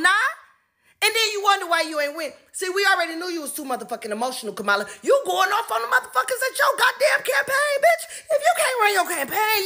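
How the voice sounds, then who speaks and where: A woman's voice: very high-pitched, sharp tone. A woman delivering a sassy, profane comedic rant.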